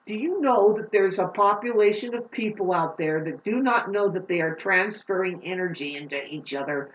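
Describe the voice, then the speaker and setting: A woman vlogger rants about astrology in a profane, heated monologue. She jumps from loud outbursts to low, slow explaining. She sounds distant from the mic, with a roomy echo and dull, muffled audio.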